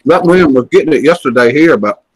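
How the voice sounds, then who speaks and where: A man's voice: fairly high pitch, brisk, slightly rough, no room sound. A man chatting in a laid-back, folksy way as a guest. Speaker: guest in the chat. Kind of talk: casual chat.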